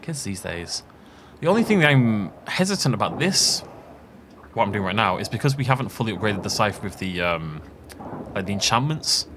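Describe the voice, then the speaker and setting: This man hosts a gaming channel, offering relaxed, jokey let's play commentary full of rambling asides and frequent laughter. His lowish voice is sing-song at normal speed, with background noise and game music behind it.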